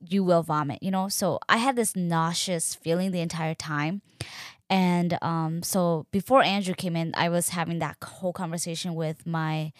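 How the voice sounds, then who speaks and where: A young woman telling a personal story in a casual, animated way, acting out quoted dialogue and using lots of fillers. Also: on the low side, no room sound, clean studio sound. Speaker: podcast host.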